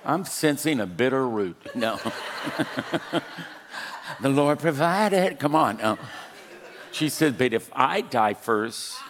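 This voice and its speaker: An older man preaches a sermon in an ordinary mid-range voice. He tells stories with humor, then builds to loud, urgent exhortation that calls the crowd to respond. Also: mid-range voice, lively intonation, slow, long pauses. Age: 60s. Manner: storytelling with jokes, rising to loud exhortation. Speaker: pastor.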